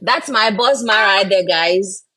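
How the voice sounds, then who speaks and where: A woman's voice: medium pitch, a little slow, bright, forceful tone, a little hiss or hum. A woman and mother chatting on a live stream, encouraging viewers and often ending lines with "right?". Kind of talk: casual live-stream chat.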